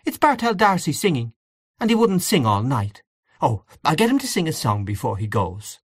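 A man reading aloud, voicing an eager, teasing young woman with high, excited exclamations. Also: moderate pace, slightly rough, no room sound, studio quality.

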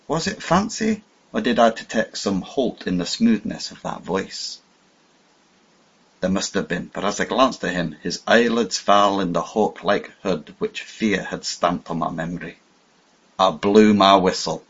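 A man reading a first-person story aloud in a measured, dramatic way. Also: low-pitched, expressive, husky. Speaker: audiobook narrator. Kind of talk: scripted narration. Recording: dull lo-fi audio.

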